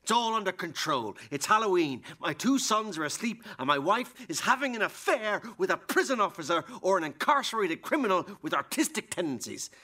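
An actor playing a jealous, drinking husband in a radio drama, sarcastic and biting, rising into fury. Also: male voice, sits high, big pitch swings, a little fast, hardly any pauses, sharp tone, full character voice. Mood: bitter sarcasm. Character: bitter jealous husband, drinking, middle-aged.

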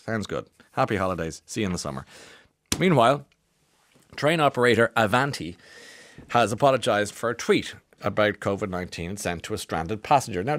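A man hosting a radio show, chatting through the day's stories in a rambling, jokey way. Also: lowish voice. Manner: rambling, jokey, restarts often. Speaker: radio host. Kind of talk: chatty radio news commentary.

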